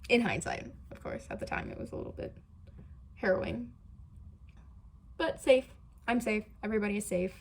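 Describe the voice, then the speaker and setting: A woman's voice: medium pitch, big pitch swings, normal speed, creaky, pauses often, a little hiss or hum. A young woman vlogging casually from a hotel room, chatty and self-mocking, with many fillers. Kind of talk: casual vlog chat.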